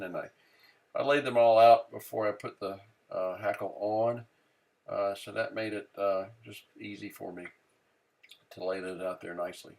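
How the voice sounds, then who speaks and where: A man casually explaining fly tying step by step, relaxed and unhurried, often pausing on "uh" as he works. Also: fairly low pitch, vocal fry. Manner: relaxed, many "uh" fillers, thinking aloud while working. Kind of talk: casual how-to narration.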